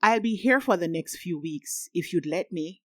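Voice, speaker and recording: A woman's voice: fairly low pitch, expressive, normal speed, dry recording, clean studio sound. A woman reading as a remorseful young father. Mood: warm. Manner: earnest, apologetic. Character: remorseful young man, tender new father. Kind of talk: audiobook reading.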